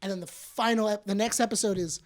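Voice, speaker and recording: A woman co-hosting a casual podcast, telling a story with lively energy and acting out the quotes. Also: quick pace. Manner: animated storyteller who acts out quotes with big jumps in pitch and volume. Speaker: podcast co-host.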